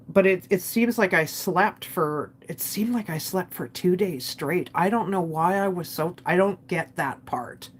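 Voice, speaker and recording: A woman with a somewhat low voice recounts a personal family story straight to the camera. She talks candidly, scattering "like" through her sentences and acting out what each person said. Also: unhurried, few pauses, slight background noise. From Canada. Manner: candid, emotional retelling with many "like"s. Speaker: vlogger.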